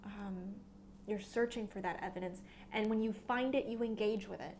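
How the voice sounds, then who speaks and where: A woman giving a monthly tarot reading, musing aloud with frequent restarts and fillers, sometimes dropping into soft near-whispers. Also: medium pitch, steady tone, normal speed, a little hiss or hum. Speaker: tarot reader.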